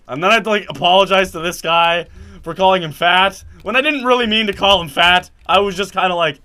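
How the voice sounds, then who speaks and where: A young man telling a story in casual chat, acting out the quotes loudly and animatedly. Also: high voice, brisk.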